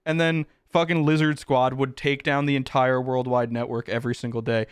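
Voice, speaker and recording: A man's voice: fairly high pitch, brisk, few pauses, smooth, dry recording. A man streaming live, chatting casually with his chat, joking and swearing as he reacts. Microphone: close desk mic with headphones.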